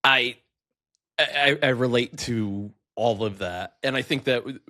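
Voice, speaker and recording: A man from the United States, a guest on a casual podcast, talking in a measured, agreeable way. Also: medium pitch, bright, forceful tone. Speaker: podcast guest, soccer writer.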